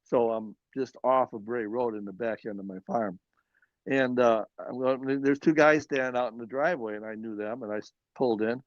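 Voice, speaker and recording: A male farmer from northern Illinois tells a long story at an ordinary, mid-range pitch. He rambles and corrects himself as he goes. The sound is dry and a little dull. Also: steady tone, normal speed, dry recording. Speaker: guest, farmer. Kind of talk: casual storytelling.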